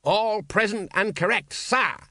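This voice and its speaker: A man's voice: a little high, normal speed, a bit bright, dry recording. A man voicing a flustered, bumbling male watch sergeant who barks and stammers.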